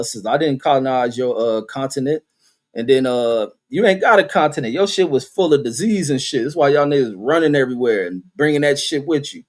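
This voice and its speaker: A man talks loosely on his own livestream. He reads the chat aloud and answers it with profane jokes and bursts of laughter. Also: fairly high pitch. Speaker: livestream host reading chat. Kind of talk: casual livestream commentary.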